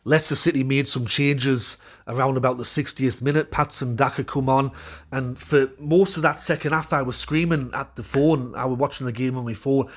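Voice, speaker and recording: A man talks through a post-match reaction in a loose, opinionated monologue. His tone runs frustrated, with fillers and restarts along the way. His pitch sits in an ordinary middle range for a man. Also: fairly even intonation, moderate pace. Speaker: football fan channel host.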